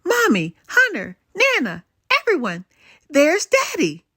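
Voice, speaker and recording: An older woman voicing an eager little girl in a storybook, in a high childlike voice. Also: sing-song, normal speed, pushed and bright, dry recording, studio quality. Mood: excited.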